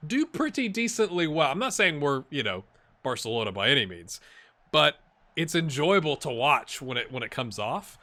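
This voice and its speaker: A man's voice: a little high, pushed and bright. A man playing a football manager game, chatting casually to viewers and cheering or mumbling at the match as it plays. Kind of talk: casual let's-play commentary. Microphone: headset with earbuds.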